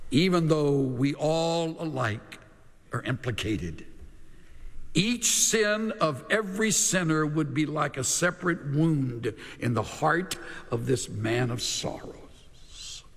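A man preaching a sermon as pastor, slow and measured, with dramatic pauses and emphasis that drops at the ends of lines. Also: a little high, creaky, long reverb tail.

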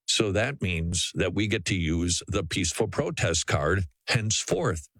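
A man's voice: on the low side, fairly bright tone, dry recording. A man from Saint Paul, Minnesota, hosting a radio talk show in a sarcastic, mock-emotional monologue. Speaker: radio host.

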